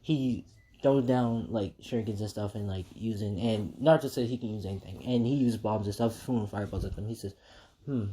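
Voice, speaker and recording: A man's voice: lowish voice, brisk, dark tone, slight background noise. A man casually improvising a fan-made story, rambling with many fillers.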